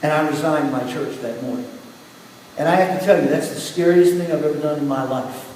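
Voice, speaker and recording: A man's voice: on the high side, fairly quick. Middle-aged pastor guy giving a sermon, recorded from a distance in a reverberant hall, faint hiss. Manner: storytelling, shifting from quiet to emphatic. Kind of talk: sermon with personal testimony. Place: church sanctuary.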